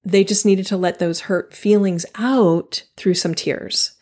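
Woman, podcast host, solo monologue, earnest, animated, emphatic repeats, middle pitch. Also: slow.

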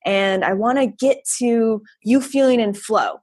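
A woman's voice: fairly high pitch, unhurried, a little mellow, slightly rough, voice pushed up. A woman voicing her inner perfectionist, a fussy thirty-year-old woman who wants everything to go well, in an earnest, pleading way.

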